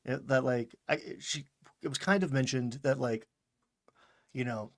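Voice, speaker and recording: A man's voice: mid-range voice, a little slow. A man hosting a casual talk podcast, recapping an episode in a rambling, chatty way and laughing often. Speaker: podcast host recapping a show. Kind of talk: casual chat.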